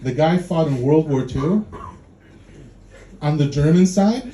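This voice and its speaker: A man from Poland doing dry, dark stand-up and teasing the crowd, on a handheld mic in a club. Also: on the high side, lively intonation, slow pace. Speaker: stand-up comedian. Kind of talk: stand-up comedy. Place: dark club room in a city. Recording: echoey club with loud audience noise.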